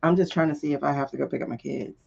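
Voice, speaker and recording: A woman's voice: low voice, steady tone, very fast, creaky, darkish tone, husky, lo-fi sound. A woman hosting a live tarot stream, chatting casually and bluntly with her viewers. She swears freely and laughs often.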